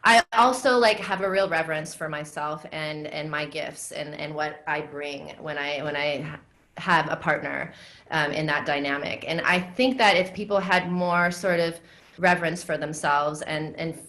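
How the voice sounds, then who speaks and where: A woman guest on a podcast, a dominatrix and educator, talking in a relaxed, reflective way with many fillers and easy laughs. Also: low-pitched, normal speed. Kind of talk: casual podcast conversation.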